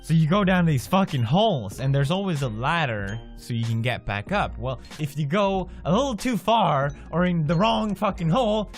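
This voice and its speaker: Swedish vlogger in his twenties, loud, swearing, jumps into acted voices; faint music bed. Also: on the high side, moderate pace, hardly any pauses. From Sweden. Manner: profane, animated, laughs often, acts out quoted reactions. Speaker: video blogger. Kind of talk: casual storytelling monologue.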